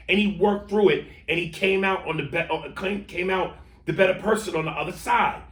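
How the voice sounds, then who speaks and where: A man's voice: sits high, a little fast, a bit bright, recorded from a distance. A man co-hosting a podcast, arguing politics with passion, swearing and stumbling over restarts. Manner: impassioned, swearing, stammering restarts. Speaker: podcast co-host. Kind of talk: heated political debate chat. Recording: roomy echo.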